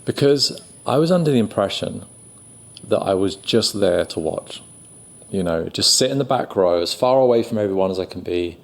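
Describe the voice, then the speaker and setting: A middle-aged man with a London accent talks casually in an interview. His voice sits low and a little gravelly. He rambles warmly through his own story, acting out the bits where he quotes people. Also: animated, normal speed. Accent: London English. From England. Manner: chatty, self-deprecating, lots of fillers and acted-out quotes. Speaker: guest actor.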